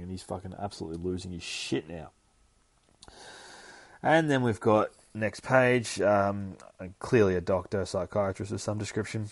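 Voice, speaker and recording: Aussie guy, low voice, rambling and swearing, dry sound. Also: normal speed, no echo. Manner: rambling, heavy swearing, self-correcting. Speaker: podcast host. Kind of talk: casual comic book recap.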